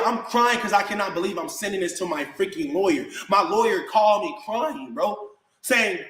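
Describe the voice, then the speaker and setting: A man's voice: sits high, fairly quick, fairly bright tone, reverberant, poor audio. A man delivering a heated, confrontational rant straight to camera, full of slang. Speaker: online personality.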